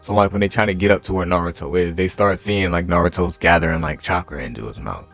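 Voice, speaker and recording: A man's voice: deep voice, fast, gravelly, a bit bright. A young man casually retelling an anime what-if story, rambling with lots of fillers. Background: faint music.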